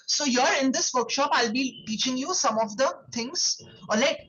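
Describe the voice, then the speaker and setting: A woman with a high voice leads an online lesson, explaining patiently and checking in with "okay?" after almost every phrase. Her voice arrives through dull, lo-fi call audio. She calls on students one by one. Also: normal speed, fairly bright tone. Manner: explains patiently, with many "okay"s and tag questions. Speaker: French teacher. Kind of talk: online classroom instruction.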